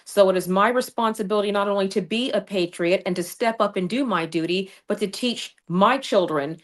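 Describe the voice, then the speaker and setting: A woman with a brisk, mid-range voice, running for Congress, tells her story in a fiery, combative manner while guesting on a livestream. She joins from a home studio via streaming video call on a remote streaming mic.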